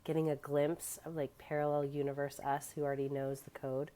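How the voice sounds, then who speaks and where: A woman with a very low voice muses dreamily on a podcast and fills her speech with "like." She speaks in a relaxed conversational way. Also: a little fast, slight background noise.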